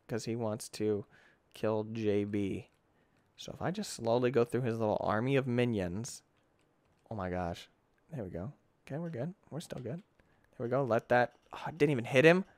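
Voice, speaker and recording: Excitable young man yelling over a game. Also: mid-range voice, no room sound, clean studio sound. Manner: excitable, yelps and shouts in bursts. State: tired, yawning. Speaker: gaming YouTuber. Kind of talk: let's play commentary.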